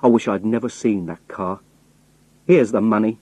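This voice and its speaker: A man voicing a hunted young man who poses as a rough sailor, protesting and pleading. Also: fairly low pitch, normal speed, a little mellow, no room sound, rough recording. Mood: pleading, angry.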